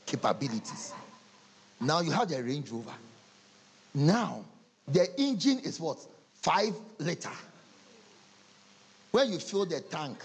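Lively man preaching with humor. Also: fairly high pitch, breathy edge. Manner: animated storytelling, acting out dialogues with laughter. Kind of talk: humorous sermon.

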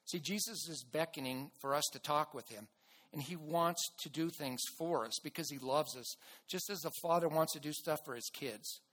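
Guy preaching, earnest, slightly high voice, stumbles and restarts a lot. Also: normal speed. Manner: earnest, with frequent restarts and bursts of loud emphasis. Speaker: pastor. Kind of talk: sermon.

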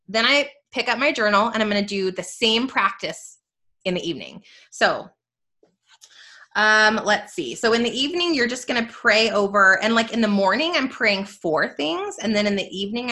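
A woman in her thirties leads a live tutorial with a bright, forward tone. She talks in a chatty, upbeat way, sprinkling in casual fillers as she cheers her listeners on. Her pitch sits in an everyday middle range. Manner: chatty and upbeat, full of "like" and "you guys". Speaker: host teaching a faith journal. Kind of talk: live tutorial, encouraging talk.

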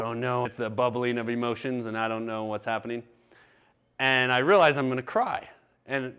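A man's voice: medium pitch, a bit bright, clean tone. A man preaching a sermon, telling a candid personal story in a conversational way. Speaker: pastor.

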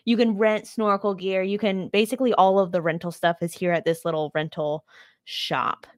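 A woman's voice: mid-range voice, fairly even intonation, normal speed, dry recording. A woman co-hosting a podcast in easy, rambling chat. She fills her sentences with ums and likes and teases her partner now and then. Her voice sits close and dry on the mic. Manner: chatty, lots of ums and likes, teasing. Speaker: podcast co-host. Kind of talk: casual chat.

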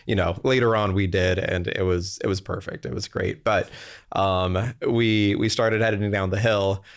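A man's voice: sits low, steady tone, moderate pace, creaky. A young adult man, an interview guest and company executive, telling a rambling anecdote with fillers and laughs. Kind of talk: casual storytelling interview.

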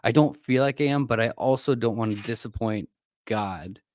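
A man co-hosting a podcast, rambling in a halting way with lots of fillers about faith. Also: medium pitch, darkish tone. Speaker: podcast co-host. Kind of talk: casual faith talk.

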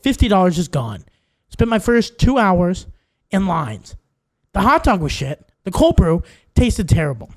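Pushy, impatient dad at the fair - a man improvising, high, bouncy voice. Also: sing-song, measured pace, full character voice. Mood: irritated. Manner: blunt, impatient, making demands. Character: irritated dad customer making a shady deal. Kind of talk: improvised comedy bit.

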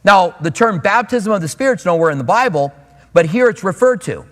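High-voiced man preaching in a reverberant hall. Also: animated, brisk, fairly bright tone. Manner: conversational, acts out quoted voices. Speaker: pastor. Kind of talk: expository sermon.

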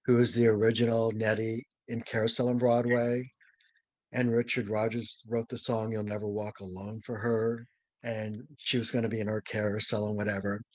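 An older man from St. Louis, a dancer being interviewed, telling a story with lively, acted-out quotes and chuckles. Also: lowish voice, moderate pace, no echo. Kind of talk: anecdotal storytelling.

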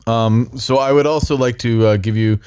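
A man co-hosting a comedy chat, speaking deadpan and haltingly with many pauses and fillers. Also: medium pitch, smooth. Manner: halting, full of ums and uhs.

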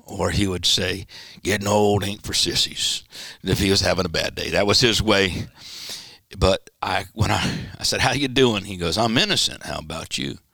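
A man, a pastor, telling a personal story in an interview and acting out the quoted dialogue with sudden pitch jumps. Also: moderate pace, vocal fry, sharp tone, dry recording, studio quality. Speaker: pastor, guest. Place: church studio.

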